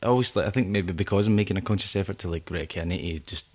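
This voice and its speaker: A man's voice: low-pitched, very fast, darkish tone. A Scottish man with a Scottish accent, a singer-songwriter guest chatting casually in a rambling, laid-back way. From Scotland. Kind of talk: casual chat.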